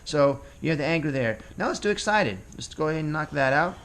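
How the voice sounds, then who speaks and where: Guy with a raspy kinda high voice, chatty art tutorial, just talking while he draws. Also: fairly quick. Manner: relaxed, chatty, thinking aloud while drawing. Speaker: cartooning instructor. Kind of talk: casual drawing tutorial.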